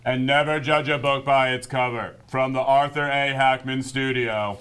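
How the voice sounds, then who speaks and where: Brief: teen boy anchor, booming and mock-outraged, clear resonant tone. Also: fairly even intonation, moderate pace. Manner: loud, theatrical, mock-indignant. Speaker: student news anchor. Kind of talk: scripted comedic anchor banter.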